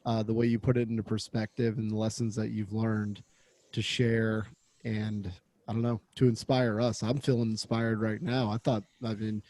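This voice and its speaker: A man's voice: on the low side, level tone, normal speed, a little mellow, no room sound. A man co-hosting a podcast, talking earnestly and a bit hesitantly. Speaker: podcast co-host. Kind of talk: casual interview chat.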